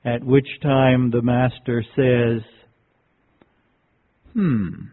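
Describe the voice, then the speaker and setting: A man gives a reflective lecture at a slow, unhurried pace and tells a teaching story with deliberate care. His voice sits at a middle pitch. The sound is thin and tinny, like a phone line. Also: steady tone. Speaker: workshop presenter.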